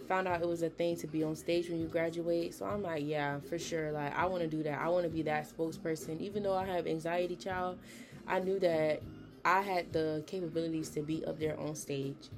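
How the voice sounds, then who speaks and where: Young woman, real low voice, chatty motivational podcast talk, faint music in the back. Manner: chatty, emphatic, conversational slang. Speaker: podcast host.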